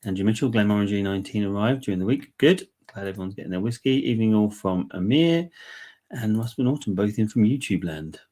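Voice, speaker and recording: A man chatting his way through a live whisky giveaway, relaxed and rambling with frequent ums. His voice sits a little low and sounds husky and congested, as if he's still bunged up. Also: fast talker. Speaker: whisky giveaway livestream host. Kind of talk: casual live chat.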